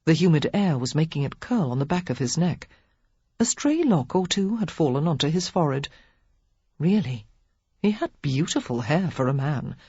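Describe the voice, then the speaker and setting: A woman narrating an audiobook with a low, slightly husky voice and lively pitch. Her delivery is expressive and measured, captured dry and a little dull. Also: no room sound. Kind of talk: scripted narration.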